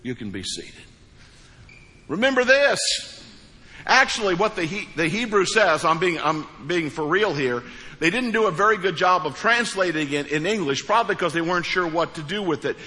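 Preacher guy, folksy and emphatic, fairly high voice, echoing sanctuary. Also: animated, brisk, pushed and bright. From Missouri, USA. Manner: folksy storytelling, emphatic repeated phrases. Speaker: pastor. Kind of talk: sermon with a joke. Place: church sanctuary. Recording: large hall with long reverb.

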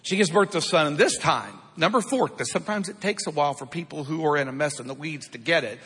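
A man's voice: a little high, fast, a bit bright, slightly rough. A man preaching a sermon in a church, calling out to the congregation for responses. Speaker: pastor. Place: church sanctuary. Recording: long hall reverb.

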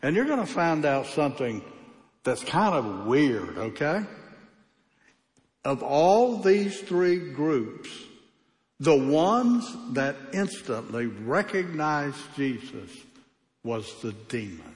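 A man's voice: a little high, very animated, takes it slowly. Preaching man in an echoey hall. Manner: emphatic preaching with varied pace. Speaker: pastor. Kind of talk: sermon. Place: church.

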